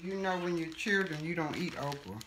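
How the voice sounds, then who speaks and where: A middle-aged woman hosting a casual home cooking tutorial, talking in a relaxed, chatty way with fillers and self-corrections. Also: lowish voice, a little fast, a little hiss or hum. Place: home kitchen.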